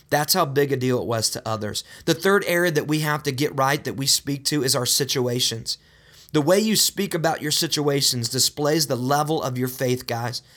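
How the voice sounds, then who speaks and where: Pastor, male, slightly high-pitched, earnest and direct sermon delivery. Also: a bit bright. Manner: earnest, direct, often addresses listeners as guys; repeats words when building emphasis.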